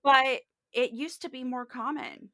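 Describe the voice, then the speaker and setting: Woman cohost on a book podcast, bright clear voice, agrees a lot, dry mic. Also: high-pitched, fairly even intonation, dry recording. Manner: agreeable, measured, backchannels a lot. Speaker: podcast co-host. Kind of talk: casual book chat.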